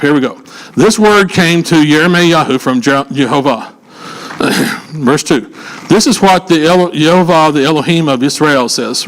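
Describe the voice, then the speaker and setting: A man's voice: on the high side, fairly bright tone, rough recording. A man leading a scripture teaching session, reading verses aloud and breaking off into casual asides and jokes with his listeners. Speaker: Bible teacher.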